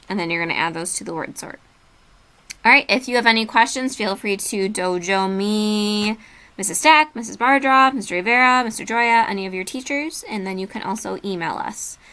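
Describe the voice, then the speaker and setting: A woman's voice: mid-range voice, fairly bright tone. A woman teacher giving a remote reading lesson, patiently walking students through a worksheet and spelling words letter by letter.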